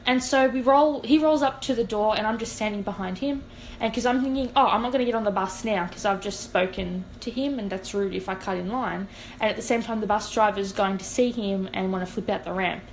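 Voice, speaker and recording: A woman's voice: medium pitch, fairly quick, a little hiss or hum, poor audio. A young woman, a podcast co-host telling a long story in casual chat and acting out what people said. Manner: animated, acts out quoted dialogue.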